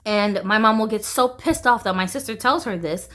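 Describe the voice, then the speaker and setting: A woman's voice: mid-range voice, moderate pace, hardly any pauses, fairly bright tone. A woman vlogger in casual chat, candid and rambling, peppering her talk with "like" and swearing freely.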